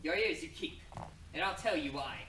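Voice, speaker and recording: A man playing a weakened young hero in a stage play, speaking slowly with mocking menace. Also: on the high side, expressive, pushed and bright. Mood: menacing. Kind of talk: amateur stage acting. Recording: echoey room from far off, noisy.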